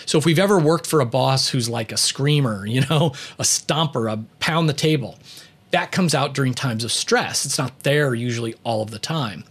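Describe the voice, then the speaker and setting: A man with a slightly raised pitch, speaking in a loose, conversational monologue about leadership and personality. He tells a story casually, leaning on "you know" fillers and chuckling lightly. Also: husky.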